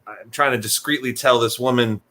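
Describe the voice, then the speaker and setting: Young man, bright voice, casual storytelling, acts out voices, animated. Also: mid-range voice, brisk. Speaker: podcast guest telling stories.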